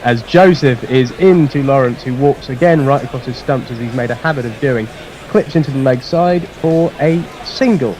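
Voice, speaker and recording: A man's voice: mid-range voice, darkish tone, rough recording. Chatty cricket commentator man. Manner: chatty, quick to laugh, mixes play calls with plugs. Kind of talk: live radio cricket commentary.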